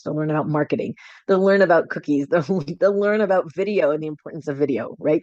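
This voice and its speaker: A woman's voice: deep voice, a little mellow, no room sound, dull audio. Enthusiastic woman co-host on a video call. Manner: enthusiastic, laughs often. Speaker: podcast co-host. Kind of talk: casual chat.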